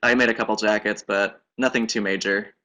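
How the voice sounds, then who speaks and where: A man's voice: on the low side, fairly even intonation, a little fast, sharp tone. A man guest on a live online chat, talking modestly about his sewing with frequent laughs. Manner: giggly, modest, rambling. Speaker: guest designer. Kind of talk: casual interview chat.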